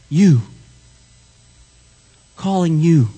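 Male pastor, sermon delivery, lively pitch swings, dramatic whispers and cries. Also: normal speed, pauses often.

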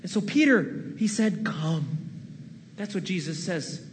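A man preaching a sermon as pastor to his church, dramatic, moving between loud pleading and hushed, near-whispered lines. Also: sits high, sing-song, moderate pace, big-room sound, slight background noise. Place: church sanctuary.

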